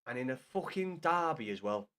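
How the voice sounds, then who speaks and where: A young man chatting casually with viewers on a live gaming stream, swearing often and bantering loudly with chat. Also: medium pitch, lively intonation, normal speed.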